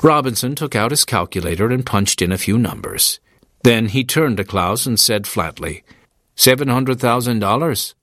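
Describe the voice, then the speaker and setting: A man narrating an audiobook in a steady, measured storytelling manner, recorded close in a studio. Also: fairly low pitch, dry recording. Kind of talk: scripted narration.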